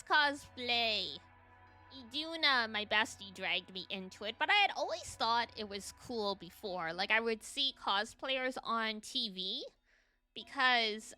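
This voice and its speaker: A young woman from Canada with a high, youthful-sounding voice, chatting quickly and giggling as a VTuber streamer. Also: bright, forceful tone. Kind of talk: casual stream chat.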